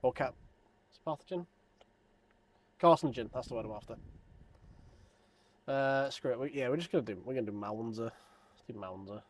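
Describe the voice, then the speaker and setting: Man in his thirties, sim racing streamer, loose self-deprecating chatter, mid-pitched voice. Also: a little fast, pauses often. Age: 30s. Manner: rambling, self-deprecating, joking. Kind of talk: casual live stream chat.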